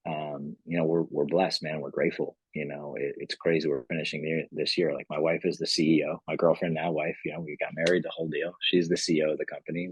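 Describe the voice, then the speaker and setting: Male founder, podcast guest: very low, husky voice, dry sound, loose rambling storyteller. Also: no echo, low-quality recording. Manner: rambling, many "you know" fillers. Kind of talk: casual storytelling interview.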